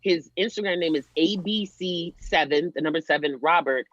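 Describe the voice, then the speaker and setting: Animated chatty man, dry lo-fi sound. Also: a little high, moderate pace, dry recording. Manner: animated, swearing, repeats himself for emphasis. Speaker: podcast host. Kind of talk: casual chat. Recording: dry muffled lo-fi audio.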